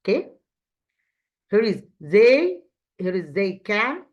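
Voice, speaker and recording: An Egyptian woman teaching English as a second language. She talks at a middling pitch with many restarts and repeated words, checking her class with "okay?". The audio sounds a little dull and lo-fi. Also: big pitch swings, slow, long pauses. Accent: Egyptian Arabic. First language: Arabic. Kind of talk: revision lesson.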